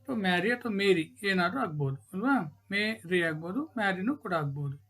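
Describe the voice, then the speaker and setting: Teacher repeating words aloud. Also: female voice, fairly low pitch, expressive, racing, fairly bright tone. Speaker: English teacher. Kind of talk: classroom lesson reading out example words.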